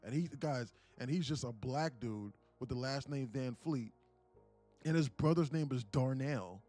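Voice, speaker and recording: A man's voice: mid-range voice, a little slow, mellow, soft background music. A young man hosting a day-trading livestream, who chats casually, swears freely, rambles and often laughs. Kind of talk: casual live-stream chat.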